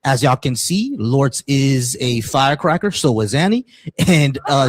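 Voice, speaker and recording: A man's voice: medium pitch, lively intonation, moderate pace. A man hosting a live-stream talk show, brash and speaking straight to the audience. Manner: brash, addresses the audience directly. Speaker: host. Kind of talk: casual live-stream chat.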